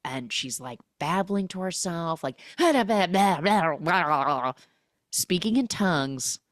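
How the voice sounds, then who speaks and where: A woman's voice: on the low side, lively intonation, extremely slow, no room sound, studio quality. A woman hosting a podcast who recaps a film in a chatty, sarcastic way and fills her talk with "like". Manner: chatty, sarcastic, heavy use of "like". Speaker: podcast host.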